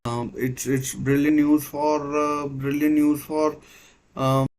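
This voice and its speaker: A man's voice: fairly high pitch, level tone, slow pace, a little mellow, low-quality recording. A man hosting a live football watchalong, giving hesitant play-by-play with many fillers and restarts. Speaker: watchalong host. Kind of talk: live match commentary watchalong.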